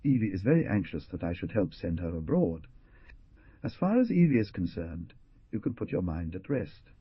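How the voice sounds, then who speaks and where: A man voicing a nervous, evasive young gentleman who protests earnestly and quickly, heard with a dull lo-fi sound. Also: low voice, sing-song, husky, no room sound, exaggerated voice. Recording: dull lo-fi dry recording.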